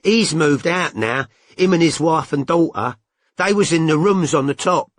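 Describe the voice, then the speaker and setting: A woman's voice: deep voice, lively intonation, moderate pace, no echo, clean studio sound, voice pushed up. A male narrator voicing a brash, foul-mouthed young mother with a coarse, slangy way of talking. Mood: chatty. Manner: blunt, coarse, working-class slang.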